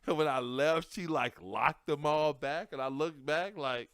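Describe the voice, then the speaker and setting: A man telling a comic story from his childhood, animated and profane, laughing through it and swinging between loud bursts and hushed asides. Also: on the high side, measured pace, clean tone, no room sound. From Detroit area. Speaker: comedian podcast host.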